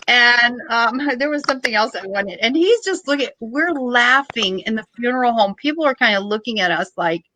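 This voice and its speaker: Bright-voiced woman telling stories. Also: a little high, normal speed, hardly any pauses, slight background noise, rough recording. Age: middle-aged. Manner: joking, animated storytelling with laughs. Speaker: podcast guest. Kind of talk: casual storytelling.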